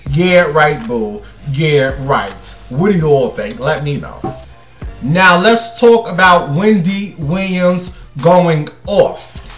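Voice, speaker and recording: Man, sassy gossip host, fairly high voice, echoey room, faint music behind. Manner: sassy, blunt and chatty, with swings between loud and hushed. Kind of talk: casual gossip commentary.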